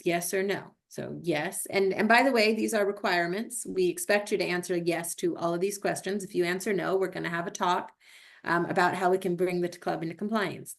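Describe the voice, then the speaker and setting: Gravelly-voiced woman explaining a form. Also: lowish voice. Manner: conversational, with fillers and self-corrections. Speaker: club president presenting to a council meeting. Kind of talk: instructional walkthrough, screen-share presentation. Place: video call or recorded meeting.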